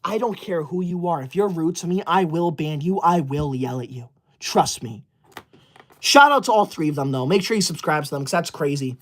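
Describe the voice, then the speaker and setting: A woman's voice: low-pitched, lively intonation, moderate pace. A woman livestreamer chatting with viewers, scolding them in a mock-indignant, theatrical huff.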